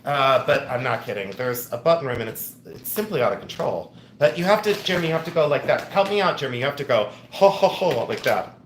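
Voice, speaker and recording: A man's voice: mid-range voice, expressive, quick pace, hardly any pauses, a bit bright, a little hiss or hum. A middle-aged man hosting a casual livestream from home, chatty and playful, reading viewer comments aloud. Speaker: livestream host.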